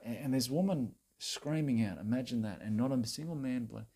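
A man doing a gravelly Australian bloke. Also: mid-range voice, brisk, warm tone. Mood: preachy rant. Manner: rambling, repetitive, peppers every phrase with mate and bloody. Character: crude self-righteous Australian bloke lecturing women. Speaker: comedy character monologue. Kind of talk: satirical rant to camera.

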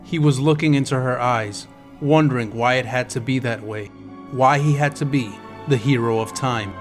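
A man's voice: medium pitch, normal speed, soft background music. A man narrating an audiobook chapter with dramatic, intense storytelling.

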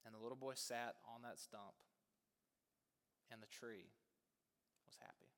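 A man preaching a sermon, telling a story in an animated way and acting out the voices. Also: mid-range voice, measured pace. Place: church sanctuary. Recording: long church reverb.

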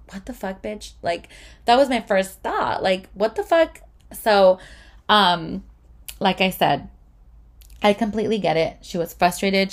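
A young woman in casual storytime talk, chatty and full of swearing and "like". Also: medium pitch. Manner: chatty, swears a lot, uses "like" often. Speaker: vlogger.

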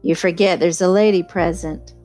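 A woman's voice: steady tone, normal speed, a little mellow, soft background music, close to an everyday voice. Woman reader doing a dry, cool young sportswoman. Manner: dry, low-key, gossiping.

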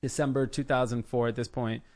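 A man in his thirties from the Los Angeles area, a podcast guest telling his business story in a casual, animated way, acting out the people he quotes. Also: mid-range voice, fairly quick. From United States, Los Angeles area. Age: 30s. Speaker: podcast guest, clothing brand founder.

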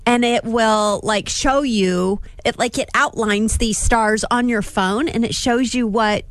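A woman's voice: fairly high pitch, measured pace. A woman co-hosting a morning radio show, giggling and teasing her partner. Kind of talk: casual radio banter. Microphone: studio microphone.

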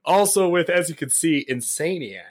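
A man's voice: a little high, animated. A young man hosting a casual podcast, joking around, laughing easily and bossing his co-hosts in fun. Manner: joking, quick to laugh, playfully bossy. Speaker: podcast host. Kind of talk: casual chat.

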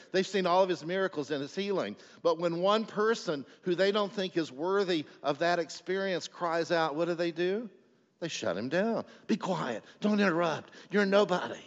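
A male pastor delivers an animated sermon, jumping from forceful cries to near-hushed asides. His voice carries a long hall reverb, and the recording sounds somewhat dull and muffled. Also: a little high. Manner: emphatic preaching with sudden loud and soft swings.

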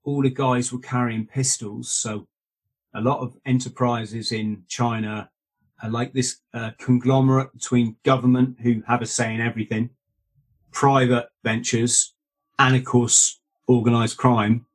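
Husky man telling stories. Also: mid-range voice, flat delivery, unhurried. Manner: restarts and asides, self-correcting. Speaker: guest, author. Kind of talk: rambling anecdotal storytelling.

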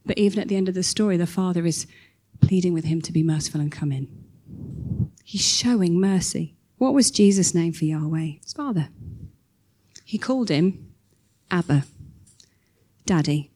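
Woman preaching with warm, mellow tone. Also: on the low side, normal speed, pauses often. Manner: animated storytelling, acting out quoted voices. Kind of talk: sermon.

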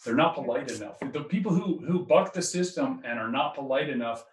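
A man's voice: medium pitch, lively intonation, a little fast. Guy rambling about politics, sounds far from the mic in an echoey room. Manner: rambling, restarts often. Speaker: doctor. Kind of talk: casual political conversation.

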